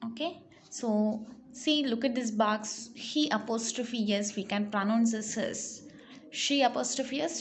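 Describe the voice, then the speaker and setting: A woman teacher reading words and sentences aloud slowly and carefully in an English lesson for young pupils. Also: fairly high pitch, a little hiss or hum.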